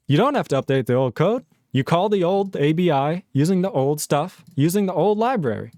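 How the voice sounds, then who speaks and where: A young man in his twenties ranting casually on a live-coding stream, reading chat aloud, animated and sweary. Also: a little high, a little fast, few pauses, dry recording, studio quality. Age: 20s.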